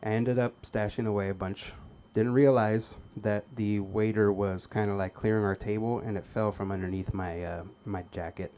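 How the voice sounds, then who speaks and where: Stammering stand-up comic acting out scenes. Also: male voice, on the low side, fairly even intonation, moderate pace, few pauses, clean tone. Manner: stammering, acts out shouted quotes. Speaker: open mic comedian. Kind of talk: stand-up storytelling. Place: comedy club stage.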